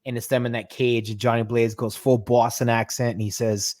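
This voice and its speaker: A man co-hosting a podcast in casual chat, animated and quick to stumble and restart, swearing freely as he talks. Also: mid-range voice, dry recording, clean studio sound. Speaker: podcast co-host. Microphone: podcast mic.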